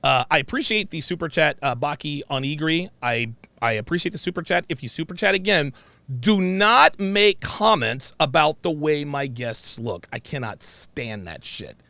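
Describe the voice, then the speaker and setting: Brash gravelly-voiced male host. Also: fairly high pitch, animated, moderate pace, bright, forceful tone, dry recording. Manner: blunt, brash, swears freely. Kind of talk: livestream commentary.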